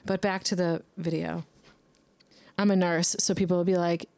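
A young woman podcast host rambles bluntly through a casual monologue, swearing heavily and scolding herself by name. Her lowish voice is level, gravelly and a little mellow at normal speed, with no echo.

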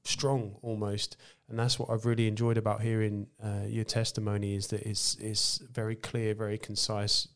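Male host, low even delivery, thoughtful and halting. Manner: thoughtful, hesitant with fillers and repeats. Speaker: podcast host. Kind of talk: casual conversation.

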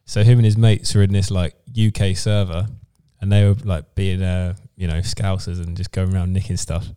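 A man's voice: sits low, normal speed, smooth. A man hosting a podcast, telling stories animatedly in a casual chat. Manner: animated storyteller, laughs through his own stories. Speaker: podcast host.

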